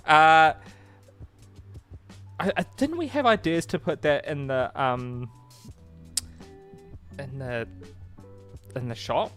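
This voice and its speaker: A man co-hosting a casual live stream from home, rambling with halting restarts and laughter. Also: a little high, fairly bright tone, faint music behind. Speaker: co-host.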